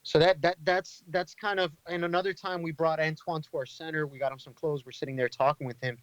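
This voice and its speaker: A man's voice: a little high, fairly even intonation, fairly quick, no room sound, lo-fi sound. Earnest man telling a ministry story. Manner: earnest, conversational, many fillers and restarts. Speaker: inner-city ministry leader, podcast guest. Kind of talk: storytelling in a casual interview.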